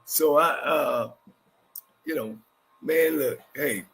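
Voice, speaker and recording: A man's voice: a little high, big pitch swings, takes it slowly, gravelly, fairly bright tone, rough recording. A man co-hosting a casual sports talk show, candid and blunt, with folksy sayings. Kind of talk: casual chat.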